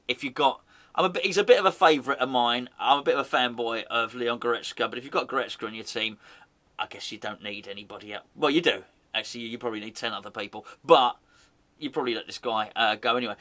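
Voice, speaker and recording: A man's voice: medium pitch, bright, forceful tone. A man hosting a fan channel, rambling and joking in casual football chat, often correcting himself mid-sentence. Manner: rambling, jokey, self-correcting.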